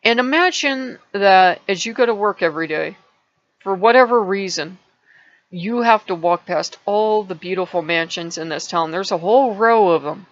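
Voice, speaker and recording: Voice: medium pitch, normal speed, highs cut off. A channel host telling a parable in a casual vlog, rambling and restarting words often.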